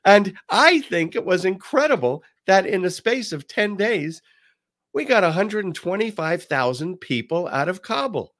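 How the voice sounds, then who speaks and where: A man hosting a talk show, giving casual political commentary with a swooping, animated delivery and frequent restarts. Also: sits high, normal speed, dry recording, clean studio sound.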